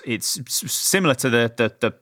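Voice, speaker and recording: A man talks casually, full of fillers and restarts as he circles his point. His voice is bright and forceful. The sound is dry and close. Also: medium pitch, lively intonation, normal speed, dry recording. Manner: rambling, many fillers and restarts. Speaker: game reviewer. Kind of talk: casual chat.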